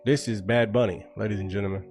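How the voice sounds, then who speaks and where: A man's voice: fairly low pitch, steady tone, quick pace, music in the background. A man giving opinion commentary in a sarcastic, accusatory tone.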